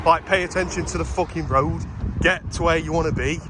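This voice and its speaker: British guy, early twenties, slightly high voice, cussing vlogger over loud street traffic. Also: steady tone, a little fast. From Britain. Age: 20s. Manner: swearing, exasperated storytelling. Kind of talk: casual ranting vlog. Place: outdoors walking along a street.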